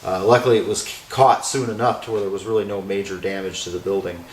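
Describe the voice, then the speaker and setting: A man's voice: lowish voice, steady tone, fast talker, a little hiss or hum. A man who owns an old school building, answering interview questions in a rambling, casual way with lots of fillers. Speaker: owner of a haunted former school. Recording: roomy echo with faint music.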